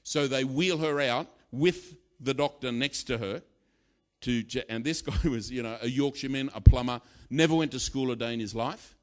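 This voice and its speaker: A middle-aged man preaching a sermon, telling a story with animated delivery and sudden loud bursts. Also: mid-range voice, normal speed.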